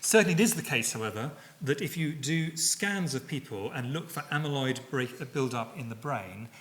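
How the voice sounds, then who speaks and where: A middle-aged man giving a public lecture, speaking in a measured way with frequent fillers and self-corrections. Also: medium pitch, fairly bright tone, slight background noise.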